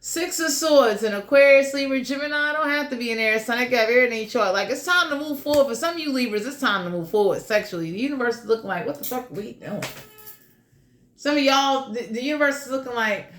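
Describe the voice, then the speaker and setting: A woman's voice: high voice, animated, quick pace, few pauses, a bit bright, reverberant. A woman giving a casual general tarot reading in a blunt, crude, joking way, swearing freely. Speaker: tarot reader.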